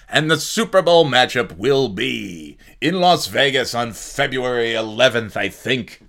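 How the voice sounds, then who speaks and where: A man's voice: medium pitch, expressive, moderate pace, a bit bright. A man hosting a casual solo sports talk show, rambling and joking with many fillers and restarts. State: sleepy, yawning. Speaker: sports podcast host.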